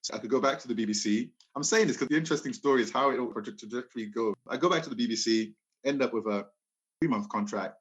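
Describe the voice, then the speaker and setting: A man's voice: medium pitch, fast, muffled recording. A man in his fifties from Liberia, telling stories from his life as an interview guest, often acting out quoted dialogue. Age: 50s. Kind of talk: casual storytelling interview.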